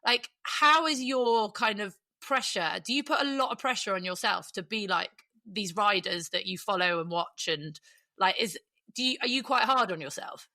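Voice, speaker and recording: A woman's voice: medium pitch, moderate pace, sharp tone, no room sound. A woman hosting a podcast, chatting casually and swearing now and then. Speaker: podcast host.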